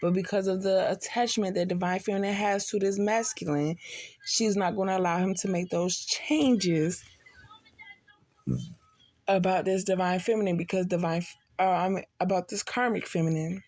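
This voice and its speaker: A woman's voice: mid-range voice, fairly even intonation, moderate pace, a little mellow, no echo. Blunt, tipsy woman doing a casual reading. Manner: blunt, profane, streetwise slang. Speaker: tarot reader.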